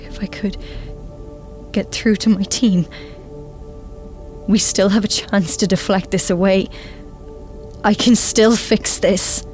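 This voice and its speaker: A woman performs a desperate young woman in a radio drama, consumed by guilt. She speaks slowly in short, fractured phrases at a mid-range pitch, and her voice keeps sinking into hushed whispers. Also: steady tone, soft background music. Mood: tense. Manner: hushed, often whispering, slow and fragmented. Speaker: writer-performer and narrator. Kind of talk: radio drama acting and narration.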